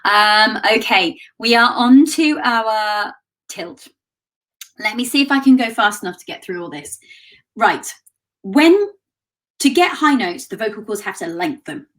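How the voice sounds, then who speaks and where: A woman teaching an online singing lesson, giving quick, chatty explanations between sung demonstrations. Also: mid-range voice, lively intonation, fairly bright tone, low-quality recording.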